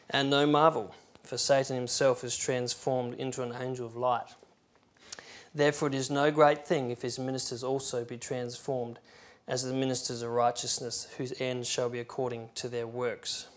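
Guy preaching a sermon, reads bible verses, gets loud then quiet, normal pitch. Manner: emphatic, rising and falling loudness, reads scripture aloud.

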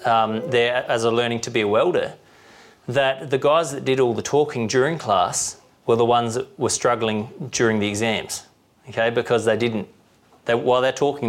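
A man preaching a sermon in a conversational way, often asking the listeners questions. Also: medium pitch.

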